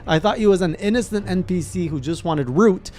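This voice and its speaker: A man, a gaming streamer, recapping his playthrough in casual narration with animated, excited reactions. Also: high-pitched, fairly quick, a little hiss or hum.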